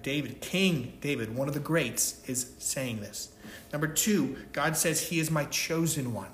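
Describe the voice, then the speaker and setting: A man's voice: a little high, a bit bright, roomy sound. A man preaching a sermon, emphatic, stressing his points and checking in with "right?". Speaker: pastor.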